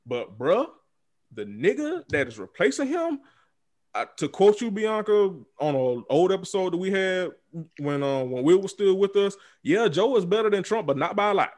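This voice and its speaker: A man's voice: high voice, very animated, moderate pace, darkish tone. A man hosting a podcast, speaking in a heated, profane, repetitive casual rant. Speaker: podcast host. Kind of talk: casual chat.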